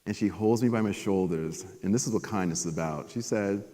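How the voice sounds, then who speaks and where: A man in his forties giving a motivational conference keynote, telling a personal story with emphatic pauses. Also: fairly low pitch, mellow. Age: 40s. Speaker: keynote speaker. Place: conference stage at a resort. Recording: long reverb of a conference hall.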